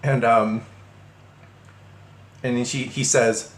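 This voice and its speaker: A man's voice: medium pitch, normal speed, pauses often, reverberant. A man telling a personal story in a casual monologue, rambling with frequent restarts and stammers.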